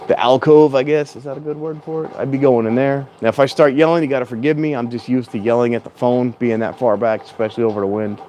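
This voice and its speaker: This man talks fast in a mellow mid-range voice, with fairly steady intonation and barely a pause, over slight background noise. He's vlogging at a train station in heavy wind, chatty and meandering, correcting himself and sometimes turning up the volume, with a lavalier mic running into his handheld phone.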